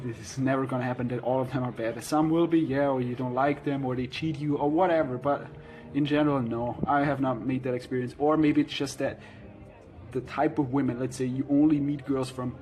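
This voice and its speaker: Man, vlog Q&A, matter-of-fact, monotone delivery, faint ambient hum. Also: mid-range voice, rough recording. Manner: frank, matter-of-fact, hesitant with fillers. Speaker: vlogger answering viewer questions. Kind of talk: casual Q&A chat.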